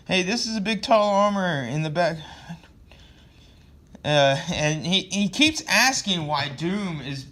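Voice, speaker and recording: A man with a fairly high, bright, forceful voice talks through a comic issue in a loose, rambling way. His tone is sarcastic, and he swears freely. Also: expressive, slow pace. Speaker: comic book reviewer. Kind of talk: casual spoken review.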